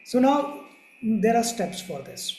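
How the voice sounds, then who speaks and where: A man's voice: sits high, very animated, takes it slowly, darkish tone. Guy teaching a parenting class, chuckles a lot, plays out what kids say, echoey room. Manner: chuckles often and acts out what children and parents say. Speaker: child psychologist teaching a course. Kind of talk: live online lecture to parents. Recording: echoey room with faint background noise.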